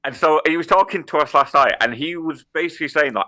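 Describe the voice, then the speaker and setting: A man's voice: on the high side, fast, bright, forceful tone. A young man co-hosting a podcast in casual chat, swearing a lot, laughing and stumbling over his words. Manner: swearing, laughing, stammering restarts. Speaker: podcast co-host.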